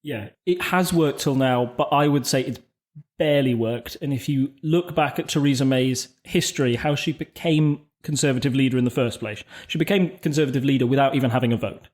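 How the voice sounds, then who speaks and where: A man co-hosting a podcast, explaining political events in a measured, conversational way with frequent restarts. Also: mid-range voice, a little mellow. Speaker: podcast co-host. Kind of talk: casual political discussion.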